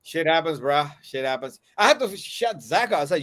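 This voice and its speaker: A man's voice: on the high side, very animated, moderate pace, a bit bright, dry recording. A man in his fifties, co-hosting a casual chat over a video call, boastful and swearing freely. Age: 50s. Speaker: co-host. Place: on the road, remote.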